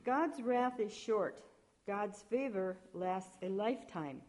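A woman reading scripture aloud at a church service, measured, with small slips and restarts. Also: mid-range voice, a little mellow. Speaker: lector.

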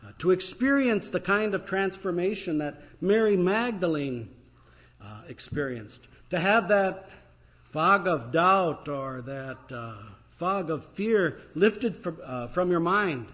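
A pastor preaching an Easter sermon, retelling a story in a conversational way with pauses and fillers. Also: male voice, high-pitched, fairly bright tone, lo-fi sound. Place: church.

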